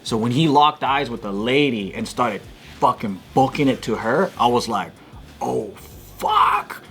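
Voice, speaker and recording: A man co-hosting a casual podcast, telling a story in an animated way, swearing freely and acting out the shouts. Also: medium pitch, normal speed, faint music behind. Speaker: podcast co-host.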